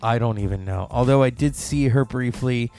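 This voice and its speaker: A man's voice: mid-range voice, moderate pace, mellow, soft background music. Rambling man hosting a solo podcast. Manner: rambling, gossipy, puts on mocking voices for quotes. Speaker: podcast host. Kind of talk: casual solo podcast monologue. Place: indoors at home. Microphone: mic close to the mouth.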